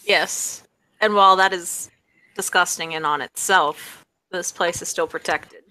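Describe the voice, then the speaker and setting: A woman's voice: on the low side, steady tone, a little slow, pushed and bright, poor audio. A woman playing a tabletop game, narrating casually with many fillers. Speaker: tabletop player. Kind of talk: casual tabletop role-play.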